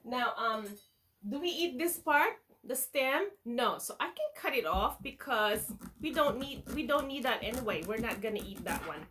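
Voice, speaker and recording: A woman's voice: on the high side, expressive, moderate pace, a bit bright, a little hiss or hum. A woman teaching a children's lesson in a playful, sing-song way, slicing and eating food as she talks.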